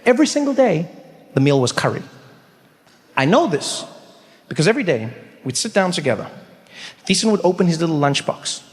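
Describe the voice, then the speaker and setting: Speaking fairly quickly but pausing often, a middle-aged South African stand-up comic tells animated stories and acts out characters with big pitch jumps. He performs on a large theater stage, recorded in a live hall with long reverb and faint ambience.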